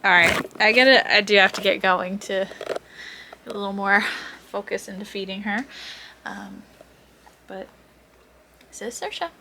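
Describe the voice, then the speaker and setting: A woman's voice: medium pitch, steady tone, a little slow, creaky, long pauses, noisy background. A woman chatting casually as she walks around her farm, a bit out of breath, rambling and laughing now and then. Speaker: farm vlogger. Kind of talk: casual vlog chat. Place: outdoors on a farm.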